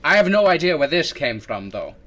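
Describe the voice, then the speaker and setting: Goofy young man with a bright voice. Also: a little high, very animated, fairly quick. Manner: goofy, jumps into a silly put-on accent. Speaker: livestream host. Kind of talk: casual livestream chat while drawing.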